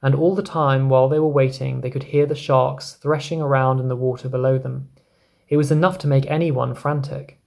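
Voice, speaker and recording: A man narrating a children's storybook in a steady, expressive way. His voice has a gravelly, creaky texture at a mid pitch. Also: fairly quick. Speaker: reader. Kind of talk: storybook reading.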